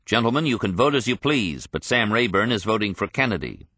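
A man's voice: fairly low pitch, animated, brisk, bright, forceful tone, no echo. A man reading the lines of a grim, blunt old male politician in an audiobook.

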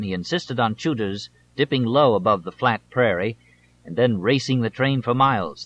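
A man narrating an audiobook in a measured, steady reading style, in a slightly dull audiobook recording. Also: mid-range voice, a little hiss or hum. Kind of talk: scripted narration.

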